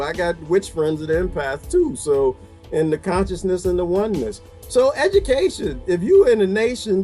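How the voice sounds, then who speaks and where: A man delivering an exasperated comedic rant to camera, laughing often as he goes. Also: high voice. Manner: animated, exasperated ranting with frequent laughter. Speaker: vlogger.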